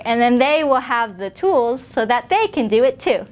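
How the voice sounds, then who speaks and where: Animated, sing-song woman reading to preschoolers. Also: high-pitched, moderate pace, few pauses. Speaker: children's librarian hosting story time. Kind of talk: reading aloud and teaching preschoolers.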